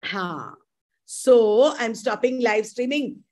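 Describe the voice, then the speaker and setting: Indian lady teacher on a live stream, slow and kinda high, quizzing the class and drilling terms. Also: animated, a little mellow. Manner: quizzing, drills terms aloud, mixes in Hindi words. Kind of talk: live-streamed exam coaching lecture. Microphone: live stream mic.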